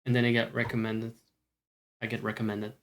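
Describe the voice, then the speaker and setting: A man's voice: fairly low pitch, monotone, brisk, fairly bright tone, slight background noise. A man with a Scottish accent chatting casually on a live stream, rambling, swearing freely and joking at his own expense. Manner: rambling, sweary, self-mocking.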